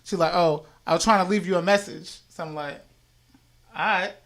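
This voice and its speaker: A young man hosting a casual podcast chat, telling stories in a relaxed way and laughing often. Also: moderate pace. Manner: laid-back storytelling, low-key, laughs often. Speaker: podcast host.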